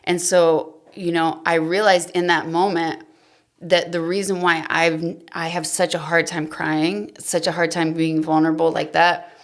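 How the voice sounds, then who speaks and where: A woman in her thirties, a podcast guest, candidly telling an emotional personal story, often dropping to a soft, trailing voice. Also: fairly low pitch, level tone, a little slow. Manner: emotional, confessional, trails off softly.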